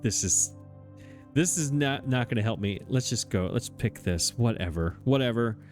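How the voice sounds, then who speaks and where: Over soft background music, a let's play gamer comments on his own gameplay in an expressive, darkish, mid-range voice at a moderate pace. He sounds flustered and exasperated, muttering to himself in frustration.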